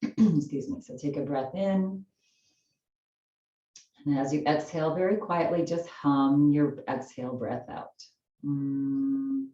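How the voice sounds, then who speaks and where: A woman leading a gentle chair yoga class, giving soft, slow, soothing cues for breathing and stretching. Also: low voice, echoey room, far from the mic, muffled recording.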